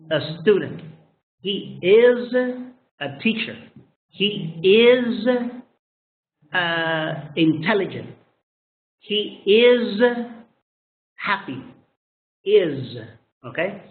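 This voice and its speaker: A man whose first language is Spanish, teaching English pronunciation and repeating each sound again and again. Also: fairly high pitch. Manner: drills single sounds, repeating each one several times. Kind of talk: pronunciation lesson. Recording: tinny phone-like sound in an echoey room.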